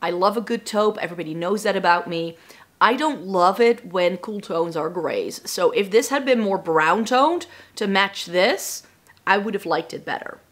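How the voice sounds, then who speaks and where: Woman vlogger, voice still a bit raspy from illness; relaxed, rambling, thinks out loud. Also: mid-range voice, moderate pace. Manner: chatty, rambling, thinking aloud. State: recovering from lost voice, a little raspy. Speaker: beauty vlogger. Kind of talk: casual chat to camera.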